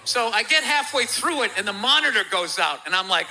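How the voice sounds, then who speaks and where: A man from America telling stories as a comedian guest on a talk show, his voice pitched high for a man and strikingly bright and cutting. He swears freely and bursts into loud, animated impressions of the people in his stories. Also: fairly quick. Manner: profane, animated, acts out quoted voices loudly.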